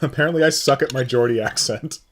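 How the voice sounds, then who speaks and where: A man's voice: medium pitch, fast talker, slight background noise. Chatty man hosting a stream. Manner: joking, chatty, reads out viewer names. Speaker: stream host. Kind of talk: casual live-stream chat.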